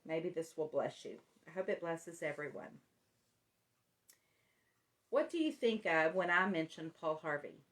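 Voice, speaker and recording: Woman host, casual self-deprecating devotional, low-set voice. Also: poor audio. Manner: warm-hearted, self-deprecating, reads scripture aloud with emphasis.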